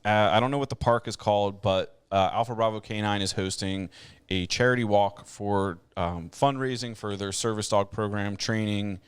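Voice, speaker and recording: A man hosting a podcast in casual chat, relaxed and rambling, with lots of fillers and frequent laughs. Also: on the low side, moderate pace, smooth, no room sound. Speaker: podcast host.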